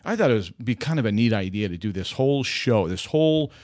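A man's voice: fairly low pitch, lively intonation, brisk, darkish tone, no room sound. A man hosting a casual radio talk show, rambling and self-mocking as he chats from a studio mic.

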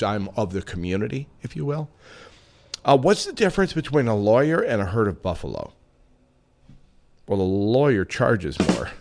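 A man hosting his own radio show, telling jokes and musing in a casual, reflective monologue. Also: on the low side. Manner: joking and reflective, lively delivery.

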